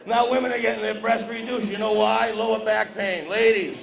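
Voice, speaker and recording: Performing stand-up at a podium in an event hall, this man ribs the live crowd in a cocky, joking manner. His voice sits high and is gravelly and fairly bright, delivered flatly and fairly quickly with few pauses. The recording has hall echo and crowd noise.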